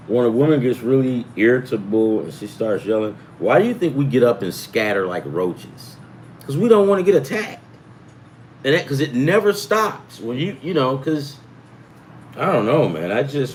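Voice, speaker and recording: In a low-quality recording with slight background noise, a middle-aged sports betting host rambles through a casual, profane chat, jumping between topics. His voice sits in the mid range.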